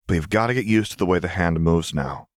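A patient young woman speaks softly and reassuringly, lifted a little above the deep voice of the reader, as a man puts her on. The sound is close and dry, with no room around it. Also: lively intonation, quick pace, no room sound. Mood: gentle. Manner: soft, soothing, reassuring. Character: patient, gentle young woman caring for a partner. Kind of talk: audiobook fan fiction reading.

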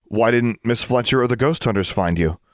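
A man's voice: medium pitch, a little fast, no room sound, studio quality, lightly acted. A man voicing an angry, defiant teenage witch girl in a fantasy audiobook, speaking sharply and indignantly. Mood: cold, distrustful. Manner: sharp, indignant, raising her voice.

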